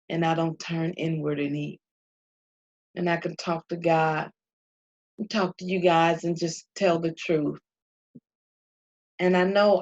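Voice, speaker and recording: A middle-aged woman who vlogs about faith delivers an emphatic, heartfelt talk to her viewers, repeating phrases in a preacher-like cadence. Her voice is on the low side and a little mellow, captured on a dull lo-fi recording.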